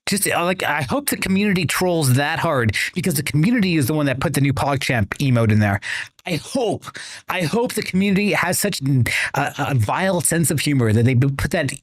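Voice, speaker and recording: A man's voice: a little high, expressive, a little fast, no echo, clean studio sound. A man streaming a video game, chatting casually with his viewers, rambling and swearing freely. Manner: rambling, profane, talks to chat. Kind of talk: casual chat while gaming.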